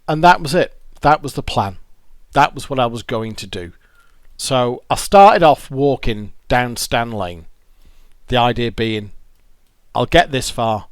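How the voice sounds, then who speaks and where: Outdoors near a road, a man with a medium-pitched voice gives the camera a raw confession about his own life. He curses frequently and stumbles on repeated words, and the dry recording has a clean studio sound.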